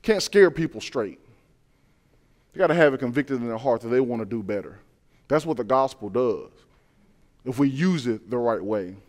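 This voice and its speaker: A man preaching a sermon, animated, acting out quoted voices, with frequent stammered restarts. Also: medium pitch, moderate pace, pauses often. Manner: many repeated word restarts.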